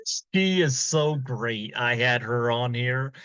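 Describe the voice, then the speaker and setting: A man hosting a podcast, relaxed in casual interview chat, giving short prompts. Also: medium pitch, slow pace, heavy background noise. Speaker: podcast host. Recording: dull lo-fi dry sound.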